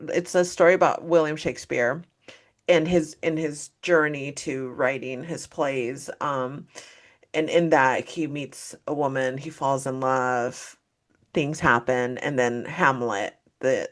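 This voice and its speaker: A woman co-hosting a casual pop culture podcast, gushing and animated, swearing freely as she tells a story. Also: low-pitched. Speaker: podcast co-host.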